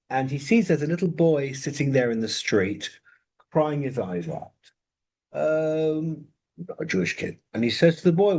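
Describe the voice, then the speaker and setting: Male rabbi, middle-pitched and a bit husky, halting storyteller at an informal study breakfast. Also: a little mellow. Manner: unhurried, halting storyteller who often pauses to find words.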